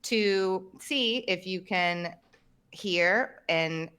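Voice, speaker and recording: A woman's voice: lowish voice, drawn-out words, sharp tone, clean tone. A woman teaching English on a podcast, giving practical, conversational advice to learners. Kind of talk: podcast lesson.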